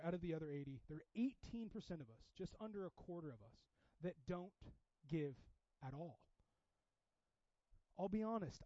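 Man, pastor, casual animated sermon, high voice, dry slightly muffled sound. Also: dry recording. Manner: casual, animated preaching with sudden loud bursts.

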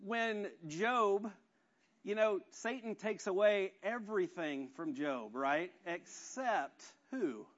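A man's voice: high-pitched, animated, takes it slowly, dull audio. A man preaching a conversational, self-deprecating sermon full of rhetorical questions. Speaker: pastor.

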